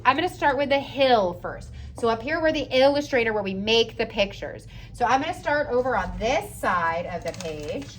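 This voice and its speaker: A woman teacher talks young children through writing a sentence, patient and encouraging, stretching sounds out slowly. Her pitch sits mid-range, and a faint hiss runs under the recording. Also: a bit bright. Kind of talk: early-grades writing lesson.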